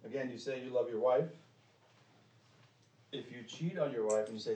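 A man preaching a sermon in a church, pressing the congregation with direct questions, with sharp emphatic rises and drops. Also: mid-range voice, moderate pace, long pauses. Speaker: pastor. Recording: echoey room, mic at a distance.

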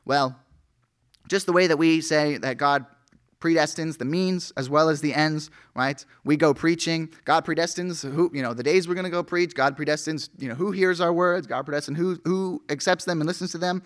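A man's voice: a little high, normal speed. A male pastor preaching an earnest sermon, reading scripture aloud with rising emphasis.

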